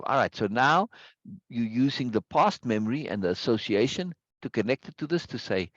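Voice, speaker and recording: A man's voice: mid-range voice, animated, brisk, no room sound, dull audio. A man leading an online study group in a casual, rambling way, who often stops to ask "right?". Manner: rambling, repeats words, asks "right?" often. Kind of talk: casual teaching over a video call. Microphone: video call.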